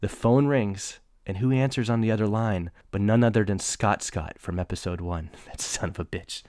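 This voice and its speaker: A man in his thirties hosts a casual podcast, rambling through jokes at his own expense. His voice sits on the low side, and the dry, close recording leaves no room sound. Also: moderate pace, a little mellow, no room sound. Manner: joking, self-deprecating, chatty. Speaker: podcast host. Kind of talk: casual podcast monologue and interview.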